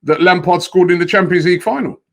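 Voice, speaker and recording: Laid-back hesitant host. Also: male voice, high voice, fast, fairly bright tone. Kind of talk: casual football debate hosting.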